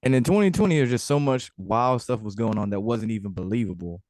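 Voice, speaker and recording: A man's voice: lowish voice, brisk, no echo. Laid-back young male guest, dry sound. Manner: relaxed, lots of filler words. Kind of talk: casual interview.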